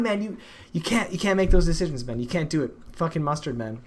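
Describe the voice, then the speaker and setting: A man's voice: a little high, expressive, fast. A man, a father, hosting a stream and ranting emphatically about food with lots of swearing. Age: adult father. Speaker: streamer, show host. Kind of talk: casual profane chat.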